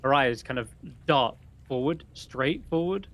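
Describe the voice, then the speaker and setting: A man narrating and ruling as game master in a relaxed, chuckling way. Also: mid-range voice, a little slow.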